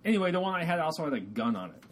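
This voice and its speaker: A man's voice: a little high, sing-song, very fast, slight background noise. A middle-aged man from the American South co-hosting a podcast, rambling and hedging in casual chat, laughing easily. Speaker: podcast co-host.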